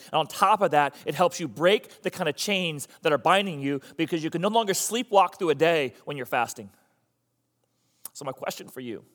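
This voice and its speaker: A man preaching a sermon as a pastor, animated and emphatic, repeating phrases for effect. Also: fairly high pitch, big-room sound.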